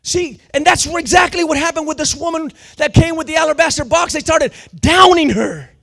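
A man preaching a sermon with fervor, slangy and full of restarts, often building up to shouting. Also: very high-pitched, brisk, gravelly.

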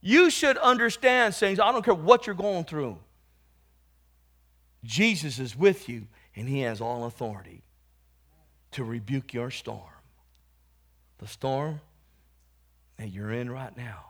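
A man preaching, telling his own testimony and rising from quiet storytelling to loud calls to the congregation. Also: medium pitch, lively intonation, takes it slowly, pauses often, slightly rough. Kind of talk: testimony sermon.

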